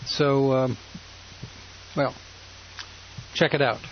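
A man's voice: mid-range voice, steady tone, extremely slow, muffled recording. Hesitant male radio host, hissy. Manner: hesitant, many uh fillers. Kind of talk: talk radio commentary.

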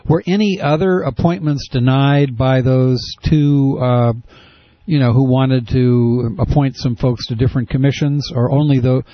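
A man's voice: mid-range voice, fairly even intonation, measured pace, no room sound. A man hosting a radio show, asking questions in a casual, probing way with many restarts. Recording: dull, lo-fi radio audio.

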